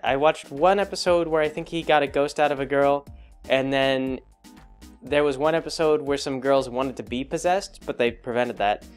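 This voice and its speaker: A man's voice: on the high side, clean tone. A young man chatting casually as a blog host, rambling and hesitant, with many fillers and restarts. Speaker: blog host reviewing a show. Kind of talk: casual chat.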